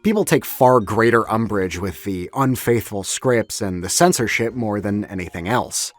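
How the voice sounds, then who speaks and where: A man's voice: on the low side, moderate pace, no echo, faint music behind. A man narrating a scripted video essay in a wry, analytical way.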